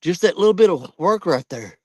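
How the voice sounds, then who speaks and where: A man's voice: high-pitched, lively intonation, fairly quick, no echo. A man hosting a live fishing stream outdoors, out of breath and chatting to viewers by name. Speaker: fishing channel host. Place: outdoors at a riverbank.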